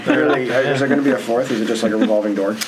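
A man's voice: medium pitch, rapid-fire, over a noisy crowd. A man co-hosting a casual movie discussion, laid-back and wry, with short asides.

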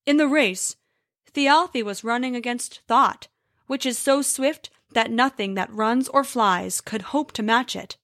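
A woman voicing a male giant who calmly explains his tricks in a storybook tale. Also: on the high side, unhurried, dry recording, studio quality. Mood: explaining. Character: huge cheerful male giant.

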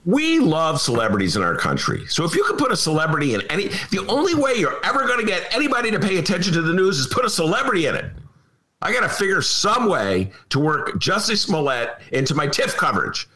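Man, talk host, lively swooping pitch, bright forceful tone, mock outrage, harrumphing. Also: quick pace. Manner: laughs at his own jokes. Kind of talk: comic casual monologue. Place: home apartment.

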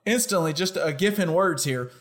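A man with a slightly higher voice co-hosting a casual podcast. He rambles chattily, restarts his thoughts and laughs easily. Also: moderate pace, a bit bright. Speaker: podcast co-host. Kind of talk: casual chat.

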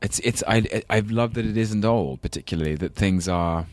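A man with a low voice and an English London accent muses at length, stopping and restarting his sentences. He laughs easily and pokes fun at himself. The sound is dry and close. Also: moderate pace, no echo. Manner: thoughtful, rambling, self-deprecating, laughs often. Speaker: actor guest. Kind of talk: casual interview chat.

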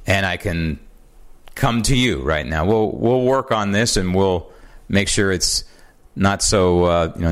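American guy ranting on his talk show, pitch swinging all over, fired up and indignant. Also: fairly bright tone. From United States. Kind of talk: political commentary monologue. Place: home studio. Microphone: studio mic with old headphones.

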